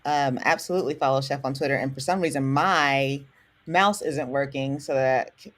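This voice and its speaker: An American woman co-hosting a livestream in casual chat, animated and quick to laugh. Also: a bass voice. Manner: laughs often, animated and chatty. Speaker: livestream co-host.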